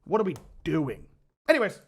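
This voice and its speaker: A man's voice: sits high, very animated, normal speed, vocal fry, slight background noise. A man streaming his reaction to a video, ranting heatedly and swearing, with bursts of laughter. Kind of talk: casual reaction commentary.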